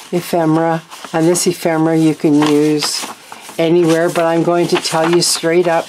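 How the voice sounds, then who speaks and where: A woman's voice: sits low, background noise. A woman hosting a craft channel, showing her handmade journal in a chatty, meandering way with frank asides. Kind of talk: casual craft show-and-tell.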